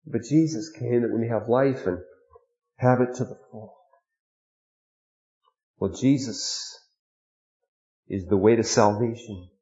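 A man preaching a sermon, earnest, dropping to a hush and then rising to emphatic stress. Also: medium pitch, takes it slowly, long pauses, reverberant, dull audio. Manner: earnest, with sudden swings between hushed and emphatic.

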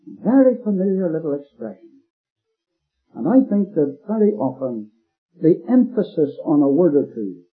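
A man's voice: fairly high pitch, husky. A man preaching an expository sermon, stressing and repeating key phrases with emphasis. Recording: phone-like lo-fi recording with faint music.

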